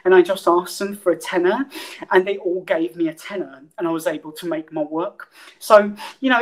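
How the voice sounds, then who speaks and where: A middle-aged woman speaks as a guest performer, rambling and hesitant, filling pauses with ums. Her pitch sits in an ordinary middle range for a woman. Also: low-quality recording. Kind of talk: casual spoken appeal.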